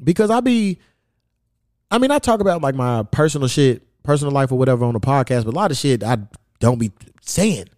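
A man's voice: medium pitch, expressive, brisk, darkish tone, no echo, clean studio sound. A man hosting a podcast in casual chat, telling stories bluntly and cursing constantly. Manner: blunt, profane storytelling. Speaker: podcast host.

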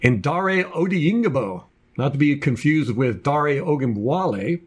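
A man's voice: a little high, animated, unhurried, husky. A man co-hosting a casual sports podcast, running through a team depth chart with jokey asides. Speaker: podcast co-host.

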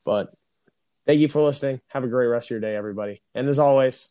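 A man's voice: mid-range voice, warm tone, no room sound. Profane, grumbling young man, dry sound. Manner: profane, grumbling, quick to rant. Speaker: podcast host. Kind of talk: casual podcast banter. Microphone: recorded over a phone or call.

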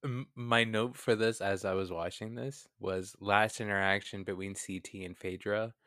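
Chatty podcast co-host, bright lively voice, laughs a lot, dry close sound. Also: low-pitched, moderate pace, no room sound. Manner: enthusiastic, chatty, laughs often. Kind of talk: casual recap chat.

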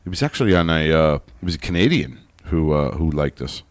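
A male podcast co-host chatting casually and ribbing his partner. His pitch swings up and down freely as he talks. The sound is close and dry, with no room echo. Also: expressive, fairly quick. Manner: joking, laughs often, reads listener reviews aloud. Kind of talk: casual chat.

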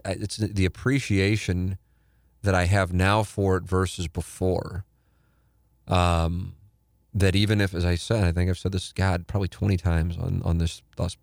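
A man's voice: low-pitched, no room sound, studio quality. A middle-aged man, a radio show host, talking candidly and rambling on a podcast. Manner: rambling, candid, self-correcting. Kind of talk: reflective podcast talk.

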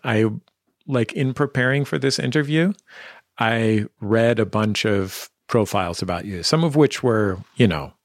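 Male interviewer, lowish voice, casual and curious, dry sound. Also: no room sound. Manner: curious, casual, uses fillers like "like". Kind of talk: conversational interview.

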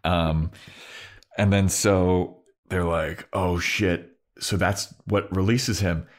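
A man's voice: low voice, steady tone, slow pace. A man co-hosting a podcast, casually recapping a TV episode and acting out the characters' lines with laughter. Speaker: podcast co-host.

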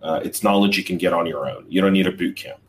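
A man's voice: low voice, quick pace, slight background noise. A man giving blunt, emphatic career advice on a live chat show as hiring leader. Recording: voice distant from the mic.

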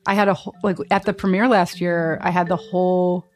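Animated woman telling a story, a bit low. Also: fairly quick. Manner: animated storyteller, acts out quotes, laughs often. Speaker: guest. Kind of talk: casual chat.

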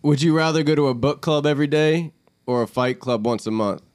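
A man's voice: a little high, fairly quick, darkish tone. A young man co-hosting a podcast, chatting casually and asking playful, offbeat questions. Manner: playful, asks quirky questions. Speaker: podcast co-host. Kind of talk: casual chat.

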